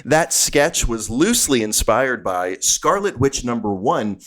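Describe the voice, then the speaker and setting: A man's voice: medium pitch, sing-song, measured pace, a bit bright. A man hosting a comedy podcast, bantering playfully and giggling often. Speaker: podcast host. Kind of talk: casual comedy chat.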